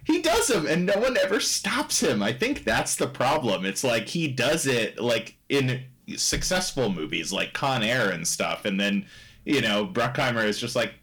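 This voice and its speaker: Rambling laughing man, lively pitch. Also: breathy edge. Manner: rambling, laughs often, halting restarts. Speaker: podcast co-host reviewing a movie. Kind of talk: casual chat.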